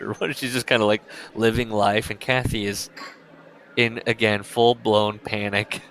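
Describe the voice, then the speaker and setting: A man's voice: fairly low pitch, level tone, normal speed, a bit bright. A man co-hosting a casual book-club podcast, reading passages aloud and mocking them with frequent laughter. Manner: sarcastic, mocking, laughs often. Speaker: podcast co-host.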